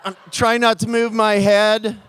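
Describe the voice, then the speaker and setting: A man telling a true comic story live on stage, animated and acting out the scenes. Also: high voice, unhurried, clear, resonant tone.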